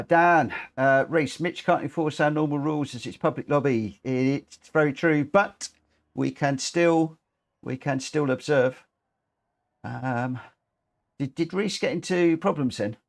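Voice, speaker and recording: A man's voice: fairly high pitch, measured pace, creaky, pauses often. A man hosting a live racing game stream, talking in a chatty, rambling, self-deprecating way. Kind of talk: casual live-stream commentary.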